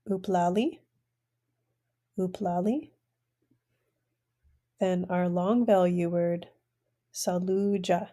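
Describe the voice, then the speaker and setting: A woman teaching an online language class, pronouncing each word slowly and repeating it for learners. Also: on the low side, dark tone. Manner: slow, careful word-by-word pronunciation, repeating each word.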